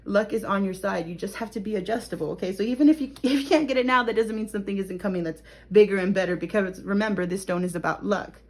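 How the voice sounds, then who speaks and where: A woman's voice: medium pitch, fast, hardly any pauses. A young woman giving a casual tarot reading to camera, chatty and laughing often, often checking in with "okay?". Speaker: tarot reader.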